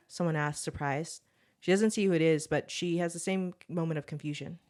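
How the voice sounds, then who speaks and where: A woman with a low, grounded voice reads her own short fiction aloud at an even storytelling pace. As a podcast co-host, she then slips into easy, laughing chat with her partner. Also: brisk, few pauses. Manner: steady storytelling read, laughs often in chat.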